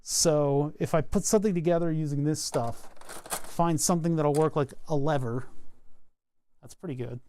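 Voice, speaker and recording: A man chatting casually to his live-stream viewers while he tinkers with electronics at his workbench, relaxed and self-deprecating, chuckling often. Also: on the high side, smooth. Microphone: wired microphone at his workbench.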